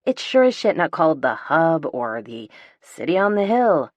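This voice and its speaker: Low-voiced woman, wry audiobook narration. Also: sing-song, darkish tone, dry recording. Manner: wry, sardonic, deliberate emphasis. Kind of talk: scripted first-person audiobook narration.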